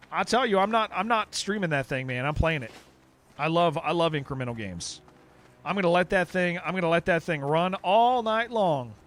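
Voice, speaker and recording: A man's voice: fairly high pitch, fairly bright tone. A man streaming a game who chats casually and rambles, often restarting his sentences. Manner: rambling, restarts sentences, says dude a lot. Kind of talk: casual livestream chat.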